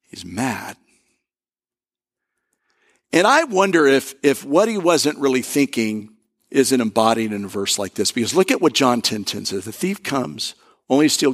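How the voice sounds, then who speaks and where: A male pastor giving a conversational sermon, telling stories and slowing down to stress key words. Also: medium pitch. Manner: conversational preaching with storytelling and emphatic pauses.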